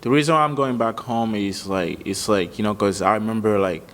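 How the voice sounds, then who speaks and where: Animated African-born man, hall reverb. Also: fairly low pitch, a little fast. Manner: animated, slangy, laughs often. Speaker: interview guest, musician. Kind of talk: casual chat.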